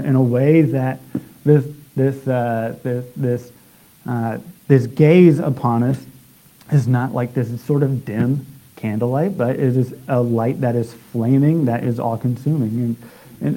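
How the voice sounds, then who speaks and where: A man preaching a sermon in a halting way, with many restarts and filler sounds. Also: medium pitch, dark tone, poor audio.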